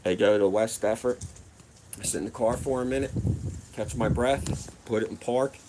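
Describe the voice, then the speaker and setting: A man's voice: medium pitch, normal speed, background noise. A man, casually telling a wild personal story. His telling is profane and rambling, full of acted quotes. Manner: profane, rambling, animated retelling.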